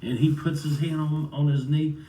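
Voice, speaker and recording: A man's voice: on the high side, little pitch movement, moderate pace, mellow. A middle-aged man telling a rambling personal story in a loose, chatty way, often circling back with "so anyways.". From United States. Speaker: vlogger. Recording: roomy sound, far from the mic.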